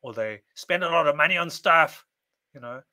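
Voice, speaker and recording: A man's voice: on the high side, lively intonation, normal speed, pushed and bright. A man giving a casual monologue to camera, speaking in repetitive, list-like phrases. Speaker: video presenter.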